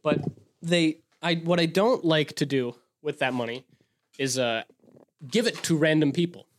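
A young man from Wisconsin, a show host, telling a story in an excitable, rambling, profane way with frequent restarts. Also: fairly high pitch, unhurried, a little hiss or hum. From Wisconsin, US Midwest. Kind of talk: casual storytelling monologue.

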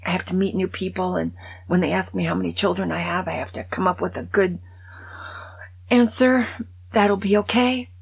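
A woman over sixty-five hosting her podcast, telling a long joke in a casual conversational way and dropping to a hushed voice for the sad parts. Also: fairly low pitch, steady tone, normal speed, gravelly, breathy edge. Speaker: podcast host.

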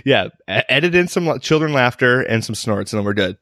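A man with a medium-pitched, slightly bright voice and lively intonation co-hosts a podcast, talking a little fast in casual chat. He jokes and laughs often, and the recording is dry, clean studio sound.

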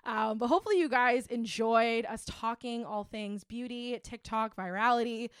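A woman hosting a show, talking in a chatty, animated way with lots of fillers. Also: a little high, fairly quick, few pauses, clear, resonant tone, no room sound, studio quality. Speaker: host. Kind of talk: casual monologue.

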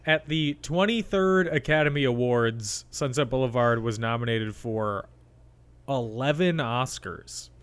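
A young man co-hosting a film podcast, reading out facts in a halting, relaxed way and chatting casually. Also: medium pitch, clear, resonant tone. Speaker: podcast co-host. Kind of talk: casual chat.

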